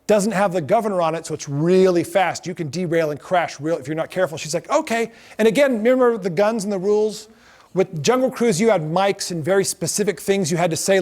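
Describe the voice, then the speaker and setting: A middle-aged man giving a lecture to a class, telling lively anecdotes and acting out the quotes. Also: sits high. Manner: animated storyteller acting out quotes.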